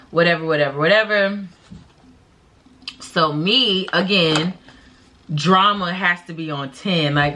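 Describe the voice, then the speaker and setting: A young woman spins a funny personal story in a casual, animated way. Her voice is bright and forward while sitting fairly low, and she swings between bursts of laughter and soft, whispered lines. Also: a little hiss or hum. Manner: animated, dramatic storytelling with loud laughs and hushed whispered asides. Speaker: vlogger.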